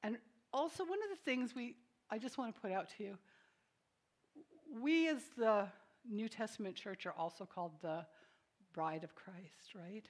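A woman preaching a sermon in a conversational way, asking the congregation questions and adding quiet, joking asides between emphatic statements. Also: medium pitch, expressive, normal speed. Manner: swings from emphatic declarations to soft, quiet asides.

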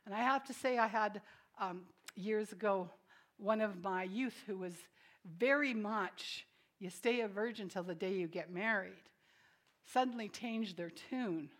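A woman preaching a sermon in a mid-range voice. She talks to the congregation directly and keeps putting questions to them. Her firm declarations alternate with soft, self-deprecating asides. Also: medium pitch, unhurried. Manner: swings from emphatic declarations to soft, quiet asides.

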